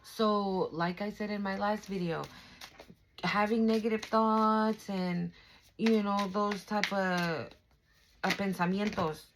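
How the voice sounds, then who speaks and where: A woman's voice: medium pitch, steady tone, slow pace, background noise. A young adult woman giving a casual spiritual card reading, chatty and affirming, with fillers and swearing. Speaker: tarot reader.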